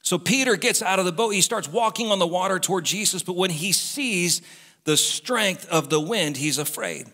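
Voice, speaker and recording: Speaking at a moderate pace, this pastor's high, animated voice comes across pushed and bright. He addresses the congregation directly with fervent, repetitive urging throughout his sermon, all under the reverb of a church hall.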